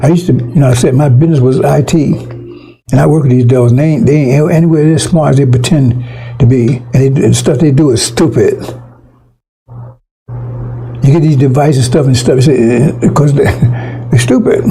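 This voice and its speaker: A man's voice: mid-range voice, moderate pace, mellow, husky, faint music behind, poor audio. A man preaching an improvised online sermon into his computer microphone, blunt and rambling, with frequent profanity and chuckles.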